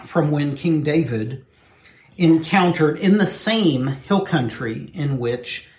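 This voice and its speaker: A man's voice: fairly high pitch, expressive, slow, a little mellow. A man co-hosting a casual podcast about faith, talking in a playful way with joking asides. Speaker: podcast co-host. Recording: roomy echo, faint room noise.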